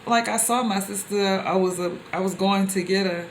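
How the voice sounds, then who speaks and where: A young woman telling personal stories to the camera in a loose, conversational way, with animated exclamations. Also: mid-range voice, normal speed, slight background noise. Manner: animated, with rising exclamations when quoting others; loose and conversational, with many fillers and restarts. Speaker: vlogger.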